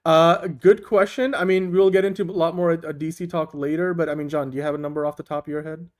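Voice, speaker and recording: Fairly high-pitched and fast with a steady tone, a man co-hosts a casual online talk show. He's upbeat, laughs a lot, and often restarts his sentences in the casual chat.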